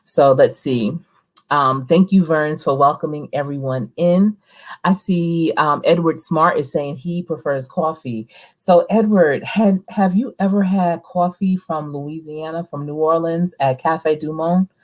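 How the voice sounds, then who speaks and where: A woman's voice: low-pitched, fairly even intonation, a little slow. A woman hosting a casual live stream, chatting with viewers and reading their comments aloud. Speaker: livestream host, coach.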